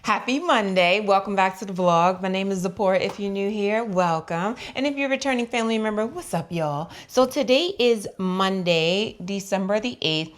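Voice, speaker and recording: A woman's voice: mid-range voice, moderate pace, hardly any pauses. Chatty young woman vlogging at home. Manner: chatty and playful, chewing gum. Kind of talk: casual chat to camera.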